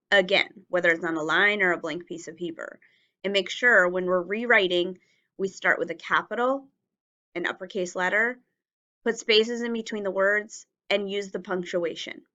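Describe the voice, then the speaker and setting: A woman leads a phonics lesson for young children, sounding out each word slowly and spelling it letter by letter. Her voice is bright and carefully enunciated, and the recording is dull and lo-fi. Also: medium pitch. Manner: drawn-out, clearly enunciated words, spelling letters out. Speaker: teacher.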